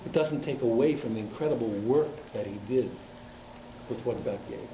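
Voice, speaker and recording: A rabbi teaching a class at a community synagogue, telling stories animatedly and repeating words for emphasis. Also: male voice, medium pitch, moderate pace. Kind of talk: storytelling lecture. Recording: echoey, dull hall recording with faint noise.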